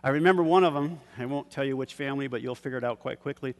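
A man's voice: medium pitch, racing. An older man preaching a sermon, calling out questions for the congregation to finish and chuckling between points. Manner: call-and-response, asks the congregation to fill in words; chuckles often, shifts from loud to hushed. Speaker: pastor. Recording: long hall reverb.

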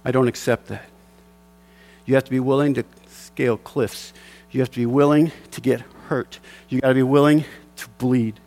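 A man's voice: medium pitch, steady tone, moderate pace, darkish tone. A middle-aged man preaching as a pastor, moving between fervent exhortation and a chuckling personal fishing story. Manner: impassioned preaching with chuckling asides.

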